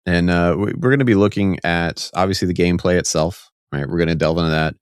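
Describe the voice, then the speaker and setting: A man's voice: low voice, steady tone, fast, clean tone, no echo, clean studio sound. A man co-hosting a casual podcast, explaining game rules step by step with enthusiasm. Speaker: podcast co-host.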